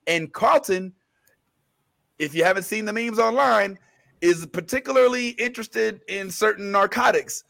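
On his laid-back pop-culture show, a man with a high, gravelly voice talks at a moderate pace. He rambles, restarting sentences and using fillers, and grows animated whenever he recounts scenes.

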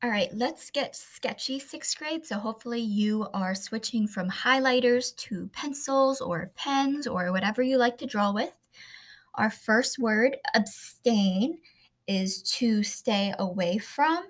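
A woman teacher recording a vocabulary lesson, slowly pronouncing each word and explaining it with everyday examples. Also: a little high, lively intonation. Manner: slow, careful pronunciation drills.

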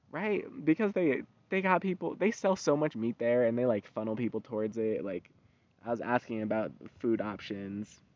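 A man's voice: mid-range voice, no room sound. A man ranting in a casual monologue, heated and slangy, swearing freely. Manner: profane, heated, loose and slangy. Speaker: vlogger. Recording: dull lo-fi recording.

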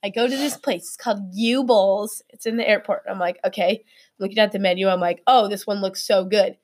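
A young woman in casual podcast chat, telling stories in an animated way and laughing often. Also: medium pitch, brisk.

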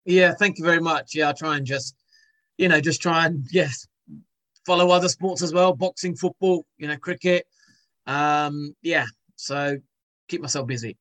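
A man being interviewed as a guest, talking in a halting way with many restarts and repeated words. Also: fairly high pitch, sharp tone. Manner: hesitant, repeats words often. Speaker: guest, former cricketer. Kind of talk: casual interview.

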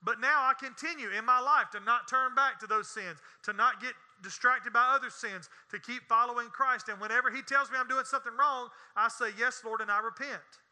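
A male pastor delivers a sermon in a strikingly high, piercing voice. He shifts from hushed, folksy asides full of humor to loud, hammering declarations. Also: fairly quick, few pauses. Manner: folksy and joking, swinging between quiet asides and loud emphatic preaching.

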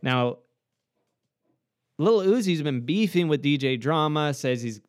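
A man's voice: a little high, animated, unhurried, dry recording, studio quality. A man giving casual, joking reaction commentary on a track, laughing often and mocking lines in a raised voice. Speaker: host reacting to a music track.

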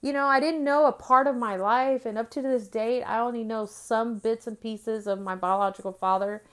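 A middle-aged woman sharing her testimony, telling the story with lively acted-out dialogue. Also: a little high, moderate pace, clear, resonant tone. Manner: animated storytelling, acting out dialogue. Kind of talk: testimony talk.

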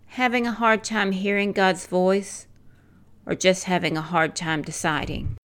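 An older woman reading a devotional in a slow, measured, earnest way, as a missionary speaker. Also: on the low side, steady tone, a bit bright.

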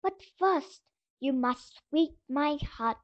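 A woman voicing a cruel, hungry old witch with a croaking voice, in a storybook reading over a dull lo-fi recording. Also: high voice, lively intonation, slow. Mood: menacing. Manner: menacing, furious outbursts. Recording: dull lo-fi voice message.

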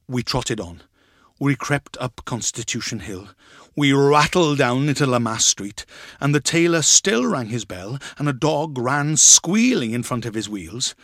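Guy reading a story out loud, expressive, mid pitch, dry close sound. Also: unhurried, dry recording. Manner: expressive, acts out the voices. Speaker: reader.

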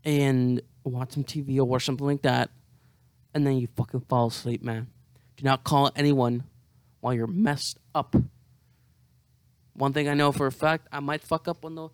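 A man's voice: medium pitch, fairly even intonation, moderate pace, smooth, no room sound. A hungover young man rambling to camera in a profane, self-mocking monologue. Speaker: vlogger.

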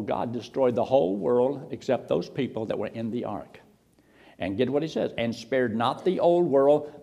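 A man's voice: mid-range voice, warm tone. A man preaching a sermon, reading scripture verses and acting out the voices of doubters in a mocking tone.

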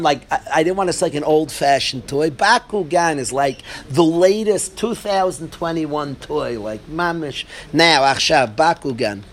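A man giving an informal Torah class as a rabbi, telling a story with lively energy and asking his listeners questions. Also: fairly high pitch, a little hiss or hum. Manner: animated storytelling, asks the audience.

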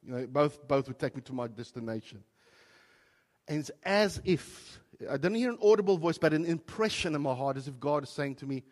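A pastor from South Africa preaches to his church, his voice sitting a little higher than most men's. He tells his story in waves, dropping soft and quiet and then rising loud with feeling. The sound carries the long reverb of a church hall. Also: expressive, fairly quick. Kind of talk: sermon.

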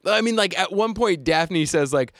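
A sarcastic, chatty man sitting in as a podcast guest, his voice a little higher than most men's. He laughs often, and the sound is dry and close to the mic. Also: animated, moderate pace, fairly bright tone, dry recording. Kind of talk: casual chat.

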